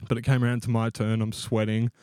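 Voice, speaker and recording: A man's voice: medium pitch, completely flat delivery, quick pace, darkish tone, clean tone, dry recording, clean studio sound. A young man co-hosting a podcast, telling a long self-mocking story in a rambling way and laughing as he goes. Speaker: podcast co-host. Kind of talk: casual storytelling.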